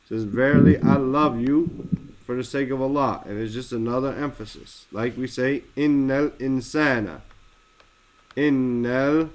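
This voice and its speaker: Man patiently teaching a text. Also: medium pitch. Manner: explains word by word, slows to stress terms. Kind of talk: religious text lesson.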